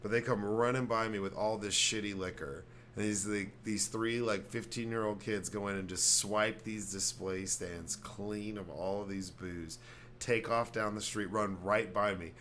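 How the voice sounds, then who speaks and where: Loose, profane podcast host, low voice. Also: male voice, steady tone, a bit bright, slight background noise. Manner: loose, profane banter, quick to laugh. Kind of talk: casual chat.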